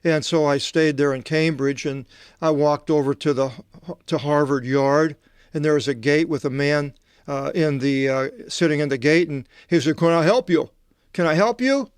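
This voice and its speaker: A man, a Bible translator, reading scripture aloud with meandering, halting commentary and asides. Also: fairly high pitch, fairly even intonation, clear, resonant tone, no room sound, studio quality.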